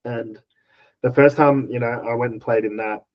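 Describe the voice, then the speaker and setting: A man's voice: medium pitch, fairly even intonation, moderate pace. Laid-back Australian man, dull lo-fi sound. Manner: laid-back, chuckling storyteller with many fillers. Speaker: podcast guest. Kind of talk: casual chat.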